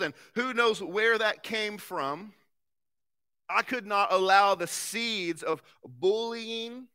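A man in his thirties, a pastor preaching a sermon with earnest conviction, swinging between forceful emphasis and very soft, quiet passages. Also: high voice, clear, resonant tone.

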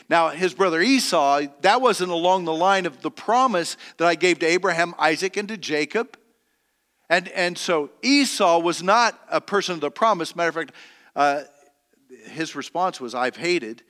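A man preaching a sermon, reading scripture slowly and emphatically, then explaining it in plain, halting everyday talk with many restarts. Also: fairly high pitch, expressive, a bit bright, in a large hall. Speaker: pastor.

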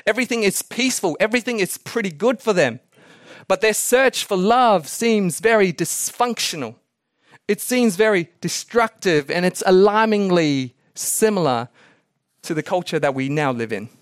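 At a moderate pace, a male pastor with a voice high for a man preaches on a podcast. Animated storytelling and little laughing asides run through his message, and the recording is dry and close with no echo.

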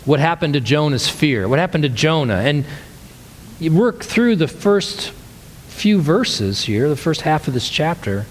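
A male pastor preaches with a fairly high voice, telling the story in a loose, lively way and backing up to restart his phrases. A long reverb trails each line, like a church hall. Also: unhurried. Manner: conversational, animated storytelling with many restarts. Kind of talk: sermon.

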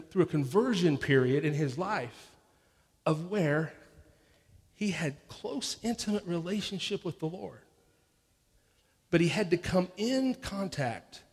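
A man's voice: a little high, darkish tone, husky, big-room sound. A man pastor preaching a sermon in a conversational way, often restarting and acting out people's inner voices.

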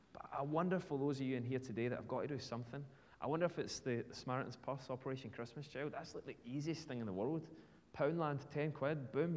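A man's voice: medium pitch, darkish tone. British preacher man in a reverberant hall. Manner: conversational, storytelling with casual fillers. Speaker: pastor. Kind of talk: sermon. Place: church. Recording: long reverb from a large hall.

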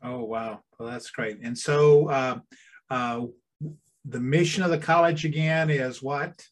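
A man's voice: mid-range voice, fairly even intonation, a little slow, a little hiss or hum. A man hosting a podcast, reading a formal scripted guest introduction and then asking questions with some hesitation. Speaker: podcast host.

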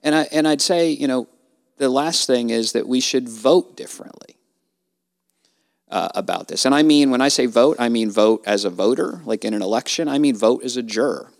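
A man speaks as a guest in a relaxed podcast chat, earnest and emphatic, leaning into his points almost like a preacher. His voice has a gravelly edge. The pitch sits in the middle range. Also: moderate pace. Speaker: guest, trial lawyer. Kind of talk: casual podcast conversation.

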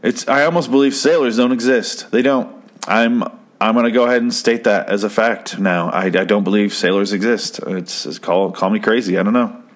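Young arizona guy rambling casually, swears a lot, deadpan jokes, lowish voice. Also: moderate pace. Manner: rambling, profane, deadpan joking. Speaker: podcast host reviewing an episode. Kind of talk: casual chat.

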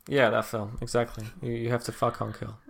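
A man's voice: mid-range voice, little pitch movement, brisk, creaky, over a noisy crowd. Brief: man, comedy podcast co-host, rambling, absurd, easygoing. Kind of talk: casual comedic chat.

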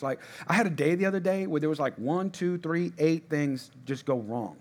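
A man's voice: a little high, normal speed, hardly any pauses. A middle-aged man preaching a sermon as a pastor, in a conversational way, repeating himself and asking the congregation to respond.

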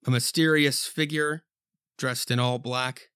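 A man reads a horror comic aloud as a podcast host, drifting between narration and loose, rambling commentary. His pitch is ordinary, and the sound is dry and close. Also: a little slow, sharp tone, clean tone, dry recording. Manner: rambling, laughs at himself. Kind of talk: casual comic reading and commentary.

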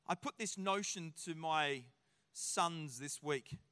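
A man in his forties with an Australian accent, preaching a sermon as a pastor in a lively, joking storytelling way. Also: on the high side, slow, clear, resonant tone, big-room sound.

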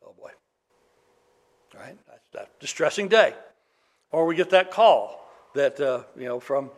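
A man preaching a sermon in a conversational way, with dry humor, reading scripture aloud. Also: on the high side. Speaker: pastor.

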